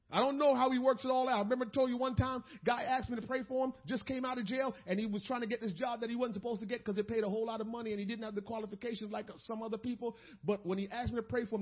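A male pastor preaching a sermon, moving between loud exhortation and quiet storytelling. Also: very high voice, highs cut off.

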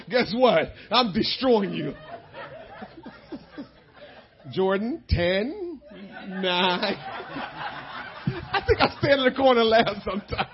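A middle-aged male pastor preaching a sermon, with shouted bursts and laughing asides. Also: high-pitched, highs cut off.

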